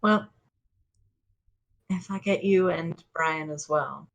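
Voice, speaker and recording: A woman's voice: deep voice, slow, gravelly. A woman playing a tabletop game, narrating her character's actions. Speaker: player. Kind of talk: casual tabletop play.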